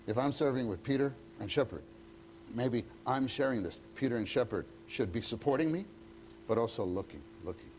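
A man's voice: lowish voice, darkish tone, a little hiss or hum. A man leading a church teacher-training meeting, talking conversationally and acting out bits of dialogue. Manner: conversational, acts out quoted dialogue.

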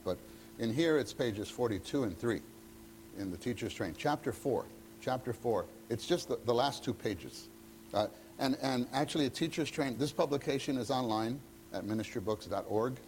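A man's voice: lowish voice, darkish tone, slight background noise. A man leading a church teacher-training meeting, talking conversationally and acting out bits of dialogue. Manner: conversational, acts out quoted dialogue.

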